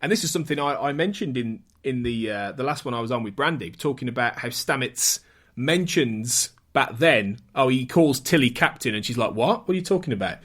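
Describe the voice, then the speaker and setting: A man hosting a podcast, talking in a chatty, animated way with frequent restarts. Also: medium pitch, moderate pace. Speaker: podcast host. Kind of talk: casual chat.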